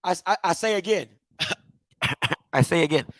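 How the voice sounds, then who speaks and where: A man's voice: on the high side, animated, unhurried, very noisy. A man hosting a heated commentary rant, firing repeated rhetorical questions at viewers in a preacher-like call-and-response cadence. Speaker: commentary show host.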